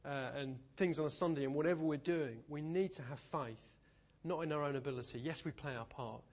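A high-voiced man delivers a sermon in a church. He tells his stories in a lively, animated way and keeps a humorous edge. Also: a little fast. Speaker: preacher.

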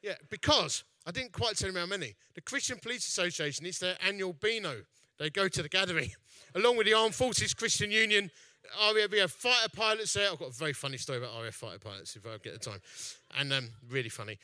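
A festival-founding evangelist from East London tells a sermon through stories, jokey, chatty and quick to mock himself. His high, expressive voice moves fast with a sharp edge, and the recording is dry.

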